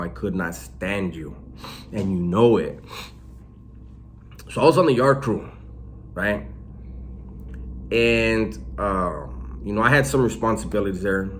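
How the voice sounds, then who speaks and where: A man casually telling stories about prison life in a slangy, animated way, swearing freely. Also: deep voice, slight background noise. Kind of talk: casual storytelling.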